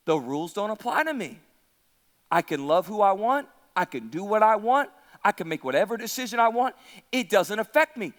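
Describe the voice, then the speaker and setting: A man's voice: on the high side, animated, moderate pace, long pauses, a bit bright, big-room sound, voice pushed down. A man doing cocky strongman Samson. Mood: defiant. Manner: brash, casual slangy swagger.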